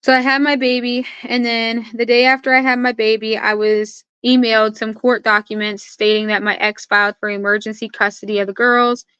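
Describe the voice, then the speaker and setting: A young woman speaks as an interview guest, earnestly walking through what happened and quoting the people involved. Her voice is bright and smooth, held in a narrow, even pitch range. The sound is dry and close. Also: fairly quick, few pauses, no room sound. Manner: earnest, recounts events with quoted dialogue. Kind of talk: personal account in conversation.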